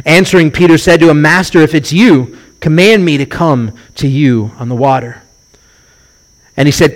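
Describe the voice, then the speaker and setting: Telling stories in his sermon, a middle-aged rabbi brings quoted voices to life by performing them with animation. He speaks a little high at a moderate pace.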